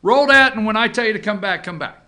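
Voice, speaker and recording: A male host with a bright, forceful voice talks casually to his audience, leaning on asides to keep them with him. His pitch swings widely as he goes. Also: quick pace. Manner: animated, talks straight to viewers with frequent 'okay?' asides. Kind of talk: casual opinion commentary. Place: office.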